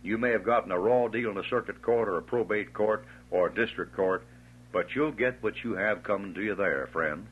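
A man's voice: fairly low pitch, fairly quick, slightly rough. A man preaching a fiery sermon, emphatic and scornful, stretching out his stressed words. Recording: tinny lo-fi old tape.

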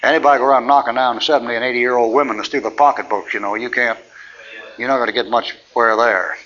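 A man's voice: medium pitch, steady tone, fast, sharp tone, lo-fi sound, a little hiss or hum. A man preaching in a folksy, rambling way, teaching through anecdotes and chuckling often.

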